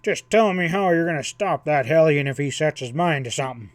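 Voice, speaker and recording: Man doing a gruff old one-eyed cowhand. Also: a little high, lively intonation, a little slow, no echo. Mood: scornful. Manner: gruff, grumbling, indignant.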